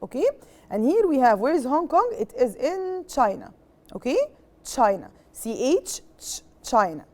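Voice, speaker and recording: A young woman with an Egyptian accent gives a children's English lesson, patiently repeating each word and checking in with the class. Her voice is fairly high, with a mellow, soft tone. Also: very animated, a little slow. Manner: switches between English and Arabic explanations. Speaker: English teacher.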